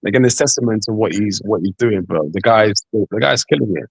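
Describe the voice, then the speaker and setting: Low, husky man, dry close sound. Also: brisk, dry recording, poor audio. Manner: earnest, encouraging, repeats himself. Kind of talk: casual chat on a live stream.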